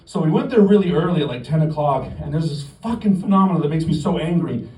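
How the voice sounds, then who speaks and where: A man's voice: a little high, lively intonation, quick pace, dark tone. A middle-aged Canadian man doing a stand-up comedy set, telling a story with lots of swearing and mock bravado. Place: comedy club stage. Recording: roomy live club audio from the stage mic at a distance. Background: audience laughter.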